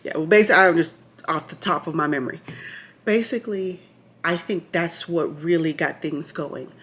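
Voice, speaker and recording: A woman vlogger telling the story of her labor in a chatty, animated way, full of asides and restarts, sometimes checking her notes. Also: sits low, moderate pace, slightly rough. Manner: reads from notes at times. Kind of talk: casual storytelling to camera.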